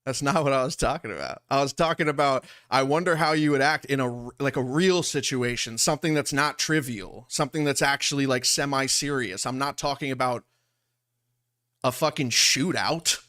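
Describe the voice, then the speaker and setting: Heated and repetitive, a young Long Island man rambles indignantly while commenting over a played livestream. He speaks at a moderate pace in a medium-pitched voice that is bright and forceful.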